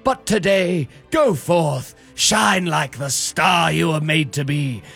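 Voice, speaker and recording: A man's voice: fairly high pitch, expressive, takes it slowly, gravelly, fairly bright tone, husky, soft background music, full character voice. A radio co-host playing a pompous male professor who lectures theatrically in a morning-show comedy bit. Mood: theatrical lecturing. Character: pompous male professor moonlighting as a burger courier.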